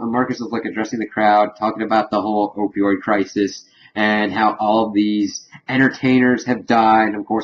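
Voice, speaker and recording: A man's voice: lowish voice, muffled recording, slight background noise. A man recapping a cartoon episode in a loose, rambling, profane way, full of fillers and asides. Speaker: reviewer.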